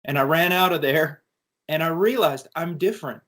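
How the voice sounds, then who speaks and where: A middle-aged man from the United States recounts his life in an interview. His voice sits a little high for a man. His telling is earnest and animated, full of restarts. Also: normal speed. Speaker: interview guest. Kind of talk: conversational testimony.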